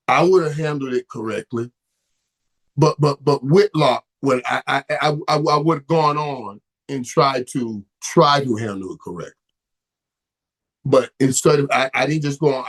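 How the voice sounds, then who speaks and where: A middle-aged man hosting a casual live stream, often stammering and repeating words, and growing emotional and heated as he talks. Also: medium pitch. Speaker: host.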